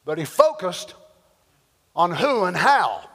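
An impassioned male preacher delivers a sermon in a high, bright voice that swings between shouts and hushed tones. He speaks slowly, and a long hall reverb trails each phrase. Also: big pitch swings, breathy edge.

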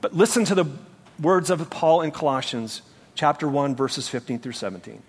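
A pastor with a fairly high, animated voice carrying a breathy edge preaches at a moderate pace. His sermon is earnest and emphatic, full of rhetorical questions, and rings through a reverberant church sanctuary.

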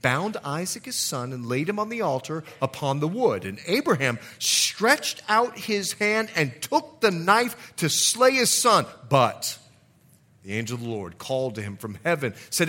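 A male pastor preaching a sermon, reading scripture aloud and commenting between verses, his voice climbing high on the key lines. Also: expressive, moderate pace, bright, forceful tone.

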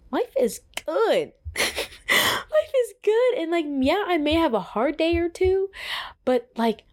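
A young adult woman hosting a podcast, chatting casually and earnestly about her faith and often filling her talk with "like.". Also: medium pitch. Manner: earnest and excitable, heavy use of "like". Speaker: podcast host. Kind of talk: casual faith-based reflection.

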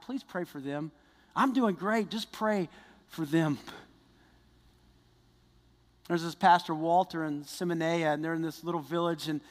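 Guy preaching, high voice, excited storytelling, long echo of a big hall. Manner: storytelling, excited and earnest, rising to fervent prayer. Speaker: pastor. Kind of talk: sermon.

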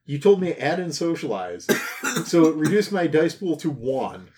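A man's voice: on the high side, sing-song, normal speed, a little mellow. A man on a podcast, chatting casually and wryly recounting a game session in detail. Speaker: podcast co-host. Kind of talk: casual chat.

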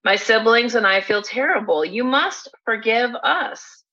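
A woman's voice: mid-range voice, animated, unhurried, pushed and bright. Woman voicing a stubborn giant billy goat. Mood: apologetic. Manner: insistent, combative. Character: huge horned billy goat, stubbornly self-blaming. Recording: dull lo-fi recording.

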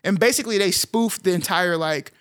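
A man's voice: high-pitched, brisk, fairly bright tone, smooth. Man, slight R lisp, playful jokey podcast co-host, casual chat.

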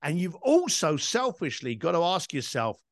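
A man's voice: on the high side, very animated, normal speed, no echo, clean studio sound. A middle-aged man from East London, telling stories as a podcast guest in an emphatic, casual way with some swearing. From East London, England. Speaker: podcast guest, entrepreneur and speaker. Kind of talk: conversational interview storytelling.

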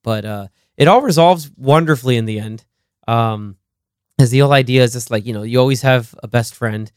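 A man's voice: mid-range voice, a little fast, clean tone, dry recording. Guy podcast cohost gushing about a comedy, laughs a lot, rambles, dry close mic. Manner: rambling, animated retelling with frequent laughter. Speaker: podcast co-host. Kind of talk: casual film-review chat.

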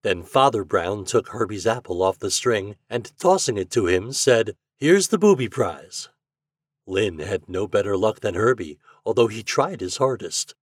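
A man's voice: on the low side, moderate pace, few pauses, no room sound, studio quality. A man hosting a podcast, reading a children's story aloud and acting out the characters. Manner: expressive, acts out the characters. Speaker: podcast host and reader.

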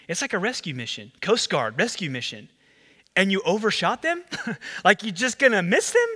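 A man preaching a sermon as pastor, animated, acting out the people in the story. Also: long reverb tail. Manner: animated, acts out the disciples and Jesus with rising pitch.

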